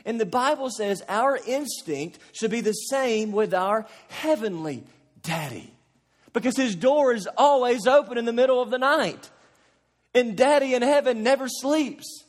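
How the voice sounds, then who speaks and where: A man preaching a sermon as pastor, earnest and building to impassioned cries. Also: a little high. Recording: long reverb of a large hall.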